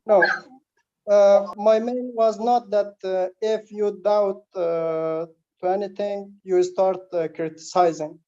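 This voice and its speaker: A man's voice: sits high, fairly even intonation, takes it slowly, dark tone, lo-fi sound. A man in an English conversation class, making his point hesitantly with many fillers. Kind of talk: classroom discussion.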